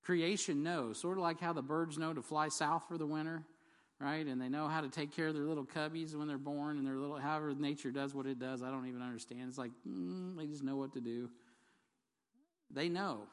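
A man's voice: a little high, fairly even intonation, a little fast. A man preaching a sermon in a conversational, jokey way, asking the congregation questions and reading scripture aloud. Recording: long hall reverb.

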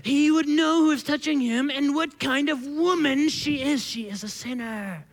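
A man's voice: very high-pitched, moderate pace, voice pushed up. A man voicing a judgmental male religious leader who speaks with haughty scorn, in a long, echoing hall. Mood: sneering.

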